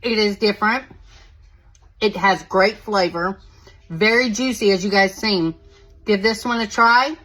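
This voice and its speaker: Slow-talking woman showing a home recipe. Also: medium pitch, a bit bright, low-quality recording. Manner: chatty, talks viewers through each step. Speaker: home cooking video host. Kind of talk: casual cooking demonstration.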